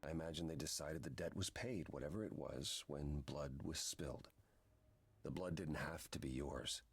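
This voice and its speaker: An actor playing an ancient male being bound to fate, who talks in a calm, measured, grave way. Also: very deep voice, vocal fry.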